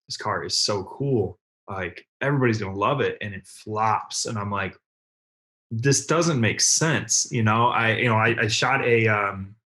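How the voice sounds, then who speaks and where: A young man with a lowish voice talks loosely and at length as a podcast guest. He rambles with plenty of fillers and acts out his own past thoughts. Casual, unscripted chat. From Cleveland, Ohio. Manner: relaxed, rambling with many fillers and self-quotes. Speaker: guest, car content creator.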